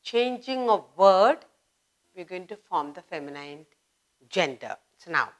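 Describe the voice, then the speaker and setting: A woman with an Indian English accent teaching a beginner grammar lesson, slowly repeating word pairs with emphasis. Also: fairly low pitch, animated. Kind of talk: slow classroom grammar lesson.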